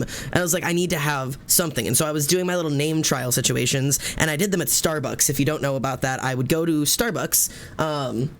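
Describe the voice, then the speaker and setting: A young man livestreaming in a casual chat, telling a story in a rambling, animated way, full of "like" fillers and laughing at himself. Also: a little high, quick pace, few pauses, a little hiss or hum.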